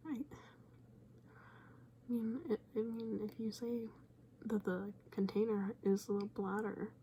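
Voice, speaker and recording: A woman's voice: medium pitch, warm tone, a little hiss or hum. A young woman in casual reaction commentary, rambling and often dropping into a whisper. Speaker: viewer commenting on a video.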